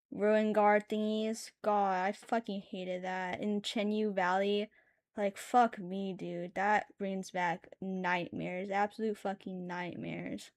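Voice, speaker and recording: While she draws on a live stream, a young woman with a mid-range voice chats casually, swearing often, rambling through stories full of filler words and laughing between sentences. There's no echo.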